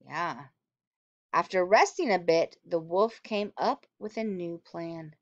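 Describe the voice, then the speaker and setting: A woman teacher reading a storybook aloud to children, expressive and animated, stopping to ask them questions. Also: on the low side, slow, no room sound. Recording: dull, dry lo-fi recording.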